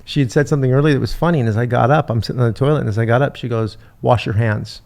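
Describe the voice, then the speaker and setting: Casting: middle-aged male podcast host, gravelly, halting, emotional storyteller. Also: mid-range voice, darkish tone. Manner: halting, repeats words, retells talks with his mother.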